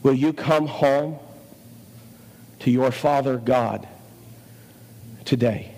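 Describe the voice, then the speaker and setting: A man preaching as a pastor, pleading earnestly with his listeners in short phrases broken by pauses, in a large auditorium. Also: medium pitch, dark tone. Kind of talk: sermon. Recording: long hall reverb with faint music.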